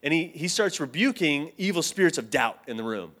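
A man preaching, telling a personal story in an animated way that swings from hushed to loud. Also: a little high, a little fast. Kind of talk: sermon storytelling.

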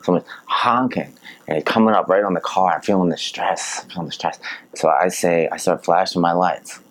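A man chatting as a podcast guest, telling his stories in a lively, animated way and laughing often. His voice is extremely deep. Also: brisk, low-quality recording. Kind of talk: casual conversation and storytelling.

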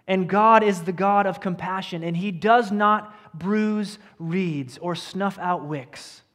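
A man preaching a sermon as pastor to his congregation, earnest and emphatic, sometimes sinking to a hushed tone. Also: high-pitched, slow pace. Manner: earnest preacher, dropping to a hush at key lines. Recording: church hall with long reverb.

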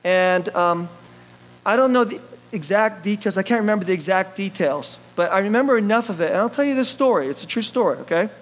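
A male pastor preaching a sermon in an animated, jokey manner, laughing often and swinging between loud bursts and quiet asides. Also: sits high, brisk, rough recording.

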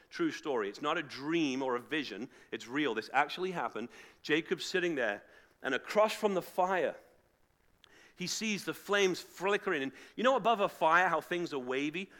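Guy preaching, tells the story all lively and acts out the voices, pretty bright higher voice. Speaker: pastor. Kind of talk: sermon storytelling. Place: church hall with live audience, also streamed online.

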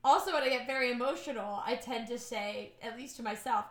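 A woman's voice: fairly high pitch, brisk, hardly any pauses, echoey room. A young woman co-hosting a casual podcast chat, joking, swearing and laughing a lot. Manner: playful, jokey, swears, laughs often. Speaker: podcast co-host.

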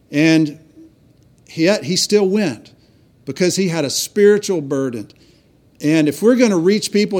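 A pastor preaching in earnest, his voice sitting a little high for a man. He tells his story with frequent restarts, circling back over his words as he goes. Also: a little mellow. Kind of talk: sermon.

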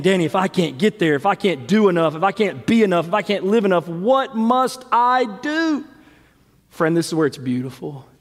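A male pastor delivers a passionate sermon in a church sanctuary, his fairly high voice swelling into shouts before settling into hushed earnestness. Long reverb hangs off every phrase from the hall. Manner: preaches worked up, shouting and sweating, then drops quiet.

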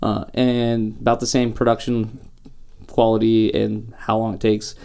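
A man with a gravelly, mellow voice rambles through a casual podcast chat. He is argumentative and keeps circling back to his point. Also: fairly low pitch, monotone, measured pace. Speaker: podcast co-host.

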